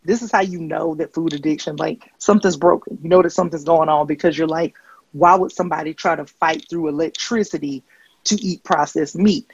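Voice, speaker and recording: A woman comedian doing a stand-up set, deadpan and rambling with filler ums. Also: deep voice, fairly quick, slightly rough, no echo, muffled recording. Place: comedy stage.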